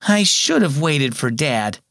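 A man's voice: fairly high pitch, sing-song, a little slow, fairly bright tone, dry recording, studio quality, full character voice. A man voicing a young boy in a storybook reading who is impatient and sorry for breaking his bike, speaking earnestly and pleadingly.

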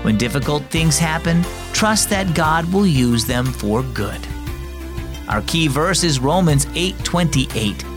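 A man's voice: a little high, animated, slow, over music. Earnest man narrating a children's devotional. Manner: earnest, encouraging.

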